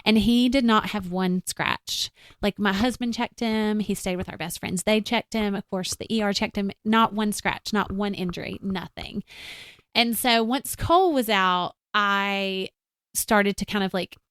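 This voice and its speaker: A woman speaks as a guest in an interview and recounts a personal story. She is earnest and reflective, with casual fillers. Her voice is smooth and resonant, and the recording is close and dry. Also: medium pitch, a little slow, a bit bright, dry recording.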